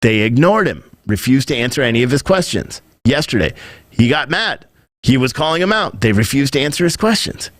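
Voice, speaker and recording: A man's voice: mid-range voice, very animated, brisk, no echo, clean studio sound. A man hosting a podcast, giving rambling, opinionated commentary and mimicking other people when he quotes them. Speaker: podcast host.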